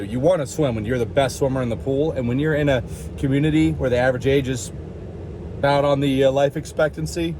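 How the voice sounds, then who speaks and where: A man rambling to the camera in a loose, jokey vlog, poking fun at himself and drifting from topic to topic. His voice sits a little high for a man, with faint traffic and outdoor hum behind him. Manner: jokey, rambling, self-mocking, over the top. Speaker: vlogger.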